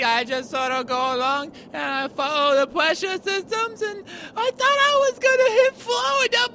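Man doing a high, tearful hurricane kid, stammering apologies, noisy background. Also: sharp tone, full character voice. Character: weepy childlike hurricane, a little boy storm. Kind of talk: improvised sketch comedy. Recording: noisy outdoor recording.

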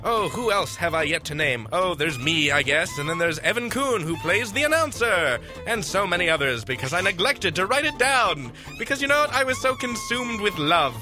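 A man doing playful improvised banter on a college radio comedy show, goofy and excitable. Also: high voice, normal speed, few pauses, over music.

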